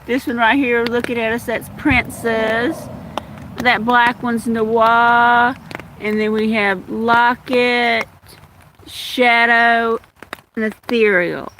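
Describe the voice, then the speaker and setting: Slow-talking Louisiana woman, bright voice. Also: a little high, steady tone, slight background noise, rough recording. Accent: Louisiana Southern. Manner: chatty, greets viewers by name. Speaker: livestream host. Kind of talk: casual live chat with viewers. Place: outdoors in the rain under an umbrella. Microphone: phone held in hand.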